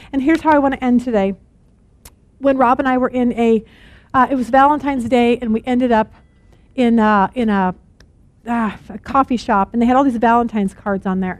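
An earnest woman in middle age teaches a Bible study with a bright, high voice. She is animated and presses her points by repeating words. The sound is dry and close, with no room around it. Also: no echo.

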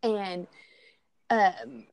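In an extremely slow, sing-song, medium-pitched voice with no echo, a married adult woman speaks with a Southern Texas accent. She's from Texas and chatting casually as a podcast guest, frequently pausing with ums and restarting her sentences.

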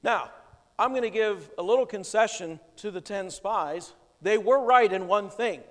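A man's voice: high voice, normal speed. A male pastor preaching a sermon in a church, explaining scripture with emphatic, plain conviction. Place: church sanctuary. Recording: long church reverb.

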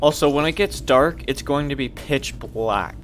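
A man's voice: medium pitch, measured pace, fairly bright tone, a little hiss or hum. A young man commentating his own horror gameplay, jumpy and swearing, with panicky outbursts. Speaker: gaming youtuber.

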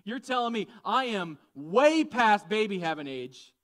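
A man's voice: high voice, big pitch swings, measured pace, a bit bright, exaggerated voice. A man voicing a very old woman who is wry and disbelieving, in a sermon retelling. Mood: incredulous. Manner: disbelieving, exasperated.

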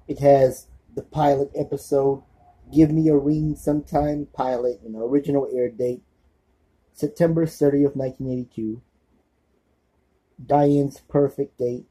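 Husky guy doing a casual show-and-tell vlog, super dark low-toned voice, lots of uhs, reads stuff off one by one. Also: steady tone, low-quality recording. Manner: halting, with many fillers, reading out titles one by one; forgetful, self-apologetic asides. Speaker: channel host.

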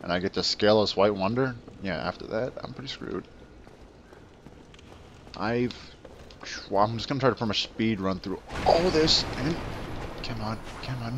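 A man's voice: lowish voice, normal speed, long pauses, fairly bright tone, a little hiss or hum. A man commenting on his own gameplay, rambling between asides and trash-talking the enemies he fights. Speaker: let's play gamer. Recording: game music underneath. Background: game music.

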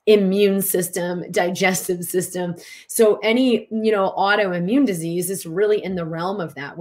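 A middle-aged woman hosting a live-stream talk, teaching with earnest emphasis and answering viewer questions. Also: fairly low pitch. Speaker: host and physician teaching tapping.

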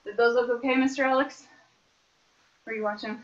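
Dance teacher, woman, bright higher voice, counts beats, echoey room, dull lo-fi video-call sound. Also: steady tone, a little fast. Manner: counts out beats, upbeat coaching. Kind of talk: online dance class instruction.

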